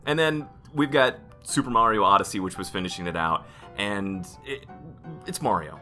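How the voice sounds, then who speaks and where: A man co-hosting a podcast in casual chat, excitable and rambling, restarting his sentences often. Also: fairly low pitch, moderate pace, soft background music. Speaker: podcast co-host.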